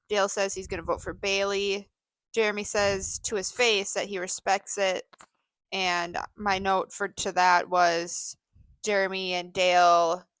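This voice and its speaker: A woman's voice: medium pitch, fairly bright tone, clean tone, no room sound. Chatty woman on a podcast reading her notes, casual, dry close sound. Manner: chatty, reads from her notes, laughs easily. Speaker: podcast co-host. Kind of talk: casual chat recapping a reality show.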